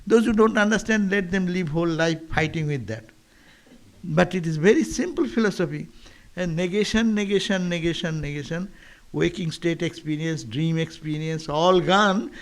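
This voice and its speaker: Male monk, high voice, philosophical sermon with chant-like repetition and rhetorical questions. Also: normal speed. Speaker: monk giving a lecture. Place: monastery lecture.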